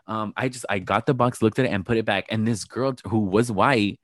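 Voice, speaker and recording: Young man, casual chat, rambling, profane, low voice, dry sound. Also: brisk, a bit bright, no echo. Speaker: podcast co-host.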